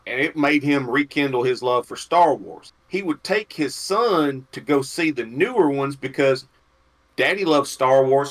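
Folksy, animated storyteller man. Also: mid-range voice. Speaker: podcast co-host. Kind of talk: casual storytelling chat.

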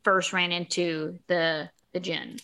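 A woman's voice: on the low side, flat delivery, slow, creaky, bright, forceful tone, clear, resonant tone. A woman co-hosting a podcast, chatting casually as she recaps a TV episode and acts out lines with a laugh. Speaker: podcast co-host.

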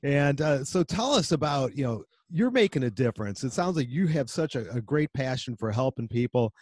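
A man's voice: medium pitch, very animated, normal speed, a little mellow, no echo. A man hosting a business podcast interview, chatty and encouraging, with fillers and restarts. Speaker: podcast host.

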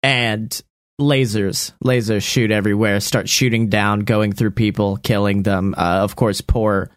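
A man casually making up a story out loud, rambling, laughing and swearing often. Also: on the low side, fairly even intonation, unhurried, no echo, studio quality. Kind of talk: casual improvised story brainstorming.

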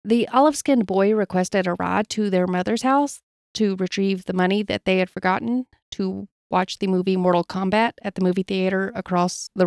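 A woman in a casual podcast chat reads eerie tales aloud, steady and matter-of-fact. Her voice sits at a mid pitch and sounds close and dry, with no room around it. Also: no room sound. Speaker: podcast co-host telling stories.

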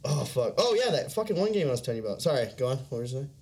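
A man swearing his way through a loose podcast chat, laughing between stories. His pitch swings up and down as he acts out what other people said. He is chatting with a friend. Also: big pitch swings, racing, darkish tone, slight background noise. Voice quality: profane, laughs often, acts out others' lines. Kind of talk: casual chat.

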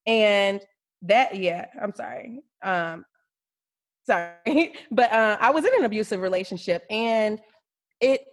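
A woman's voice: mid-range voice, measured pace. A woman in her twenties co-hosting a podcast in casual chat, speaking frankly and bluntly. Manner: frank and blunt, with many restarts. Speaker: podcast co-host.

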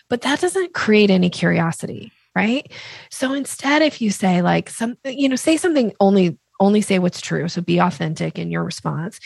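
A middle-aged woman, a sales expert guest, explaining with vivid examples and lively acted-out voices. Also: mid-range voice, a little fast, vocal fry, no room sound. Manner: lively, acts out quoted voices.

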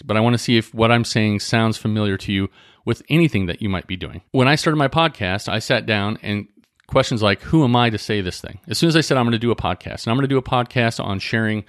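A man hosting a podcast in a casual motivational talk, chatting conversationally, often checking in with "right?" and slowing down to read book passages aloud. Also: fairly low pitch, dry recording, clean studio sound. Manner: conversational, often asks "right?" and restarts phrases; reads book passages aloud more slowly. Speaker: podcast host.

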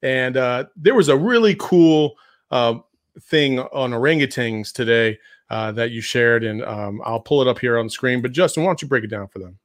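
A man's voice: medium pitch, moderate pace. A man co-hosting a podcast, blunt and playful in casual chat, laughing often. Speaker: podcast co-host.

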